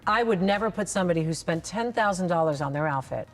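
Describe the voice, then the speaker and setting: A woman who hosts and judges competitions gives emphatic, encouraging feedback during a casual interview. She speaks fast and expressively in a fairly low voice, with roomy reverb and faint music in the recording.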